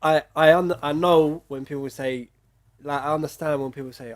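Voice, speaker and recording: Podcast guest, slightly high voice, emphatic chimes. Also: male voice, fairly even intonation. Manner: quick agreeing interjections, emphatic. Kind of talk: casual podcast chat.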